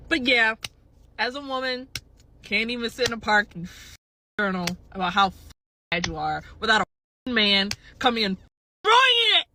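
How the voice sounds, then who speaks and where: A woman's voice: mid-range voice, moderate pace, long pauses, a little hiss or hum. A young woman telling an angry story in casual chat, emphatic and swearing, acting out the people in it. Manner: animated, emphatic, swears, mimics others. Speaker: storyteller in a clip.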